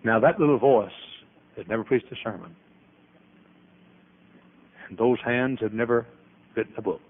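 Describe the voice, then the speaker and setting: An older man preaching a sermon as pastor, emphatic, with sudden loud rises and trailing, dropped endings. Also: medium pitch, moderate pace, husky. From American. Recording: tinny phone-like archival audio.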